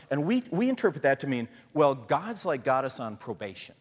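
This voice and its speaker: Animated husky preacher in a reverberant hall. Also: male voice, a little high, normal speed. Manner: conversational, animated, acts out voices of God and Jesus. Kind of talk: sermon.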